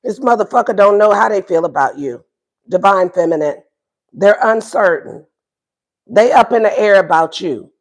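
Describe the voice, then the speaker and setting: A woman's voice: medium pitch, expressive, normal speed. Playful, salty tarot reader woman. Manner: casual, playful and profane, repeats questions. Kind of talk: livestream tarot reading.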